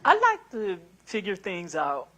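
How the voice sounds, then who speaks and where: A woman in her sixties, a prospective juror, answering questions in a courtroom in an earnest, soft-spoken, apologetic way. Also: mid-range voice, huge pitch swings, unhurried. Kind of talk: answering jury selection questions.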